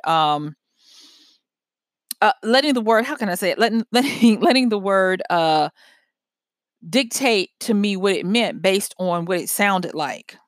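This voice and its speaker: A woman, a writer giving a casual motivational talk, animated and self-correcting, often laughing at herself. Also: mid-range voice, no room sound, clean studio sound.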